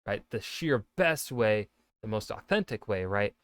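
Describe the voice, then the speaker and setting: A man's voice: fairly low pitch, lively intonation, unhurried, no echo. A man, an author, giving casual reaction commentary, rambling with many fillers and restarts. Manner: rambling, lots of fillers and self-corrections.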